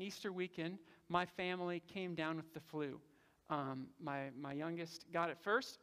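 A man's voice: high voice, fairly bright tone. A male pastor delivering a sermon in an earnest, conversational way, stumbling over and repeating words now and then. His voice rings out with a long hall reverb, as in a church sanctuary.

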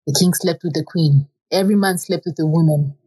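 A woman with a slightly husky, lowish voice reads an old folk tale aloud. Her telling is plain and steady, with simple repeated phrasing and an unhurried rhythm. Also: poor audio. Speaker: storyteller.

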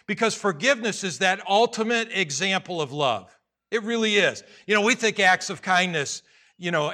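A man's voice: high-pitched, bright, forceful tone. A male pastor preaching a sermon to his congregation, conversational and humorous, acting out little scenes.

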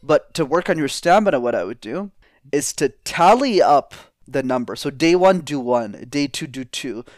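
A man's voice: on the high side, normal speed, dry recording, clean studio sound. A man talking as a guest in an interview, coaching on public speaking and shifting his tone up and down to demonstrate. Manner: animated, demonstrates vocal tones. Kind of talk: energetic interview talk.

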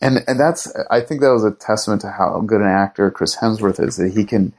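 A man's voice: fairly low pitch, brisk, a little mellow, slightly rough. A man being interviewed as a writer and producer, chatting casually and enthusiastically, rambling with lots of fillers and restarts. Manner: enthusiastic fan talk.

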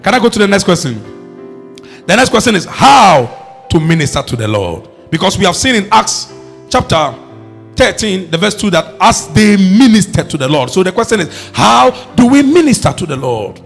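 A man preaching a sermon, emphatic and rising to shouts as he calls on the congregation to respond. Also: sits high, very animated, moderate pace, gravelly, faint music behind.

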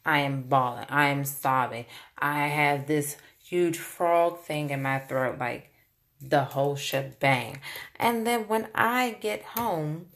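A young adult woman, a mother, telling a personal story in a casual, animated way and acting out the voices she quotes. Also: low-pitched, a little slow.

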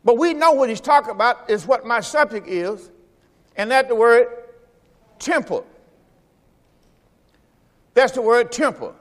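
A man's voice: very high voice, expressive, moderate pace. A man preaching a sermon in a folksy style, repeating phrases and calling on the congregation to answer. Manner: preaching with call-and-response to the congregation. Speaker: pastor. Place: church sanctuary during a service. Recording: long church reverb.

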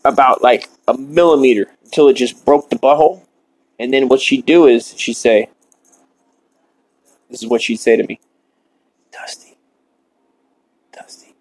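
Man, podcast host, deadpan shock-comedy monologue, mock-earnest, smoking, medium pitch. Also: rough recording. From Ireland. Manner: smoking while talking.

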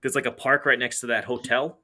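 Co-host, man, rambling chat with lots of fillers, bright sharp tone. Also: medium pitch, little pitch movement, a little fast. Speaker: podcast co-host. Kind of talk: casual chat.

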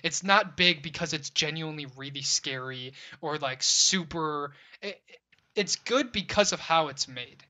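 Hesitant young man with a bright voice. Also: on the high side, a little slow. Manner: hesitant, many fillers, earnest. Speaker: podcast host. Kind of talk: casual chat.

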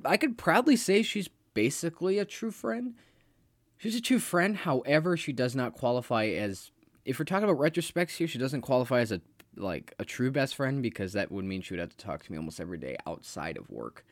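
A man's voice: mid-range voice, dry recording, studio quality. A young man hosting a solo podcast, rambling and blunt, swearing freely as he talks. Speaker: podcast host. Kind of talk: casual solo podcast monologue.

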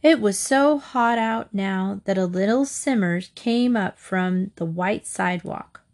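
A woman's voice: mid-range voice, measured pace. Woman reading a storybook aloud. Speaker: narrator.

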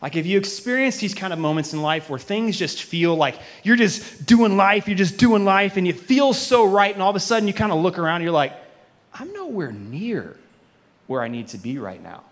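High-voiced, joking preacher telling a story. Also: male voice, a little fast, hardly any pauses, long reverb tail. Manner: casual, joking, self-deprecating storyteller; acts out his own past reactions. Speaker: pastor. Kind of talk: sermon with a personal story. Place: church auditorium with a live congregation.

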